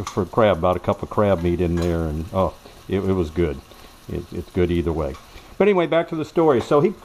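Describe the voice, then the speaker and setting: A man's voice: fairly low pitch, darkish tone, slight background noise. Man, home cook, folksy and rambling, storytelling demo, home kitchen, faint frying sizzle. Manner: folksy, rambling, self-correcting. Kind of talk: cooking demonstration with storytelling.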